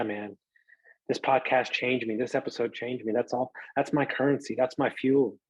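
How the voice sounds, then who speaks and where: Husky, emotional male podcast host. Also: medium pitch, no room sound, highs cut off. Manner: emotional, earnest, casual swearing. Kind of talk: heartfelt thank-you monologue.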